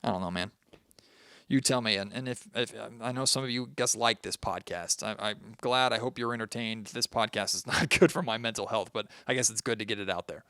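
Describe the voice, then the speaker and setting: A man's voice: fairly low pitch, a little fast, pushed and bright, smooth, no echo, clean studio sound. A man hosting a solo sports podcast, venting his frustration and talking straight to his listeners. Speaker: podcast host.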